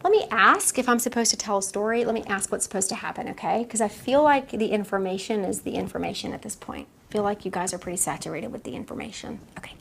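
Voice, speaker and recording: A woman medium talks quickly with few pauses and some vocal fry in a medium-pitched voice, giving a chatty, informal lecture to a small room audience. She acts out the quoted dialogue and laughs often, and slight background noise is present.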